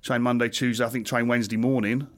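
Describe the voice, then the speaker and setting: A man's voice: mid-range voice, flat delivery, quick pace. A man who was a football manager, a guest in a casual studio chat, easygoing and self-deprecating.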